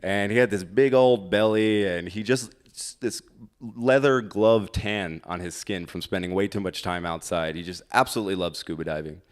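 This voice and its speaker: Low-ish guy telling a story on stage, chatty and poking fun at himself. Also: normal speed. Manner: conversational, self-deprecating humor. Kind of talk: personal story told live.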